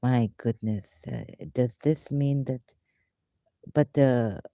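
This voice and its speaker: Hosting a relaxed live question-and-answer session, this woman has a very deep, dark voice captured in a dry recording. Her English is broken and rambling, halting with frequent fillers, and now and then she mutters to herself.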